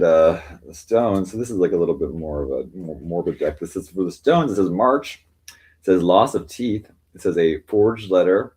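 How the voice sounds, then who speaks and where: A man's voice: low voice, darkish tone, poor audio. A man hosting a casual livestream from home, reading tarot-style cards aloud in a rambling way with lots of fillers. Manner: rambling, filler-heavy, reads lists aloud.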